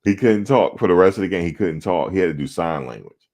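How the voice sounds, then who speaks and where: Very deep-voiced man telling animated stories. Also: fast. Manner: animated, profane, laughing. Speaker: show host. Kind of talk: casual storytelling.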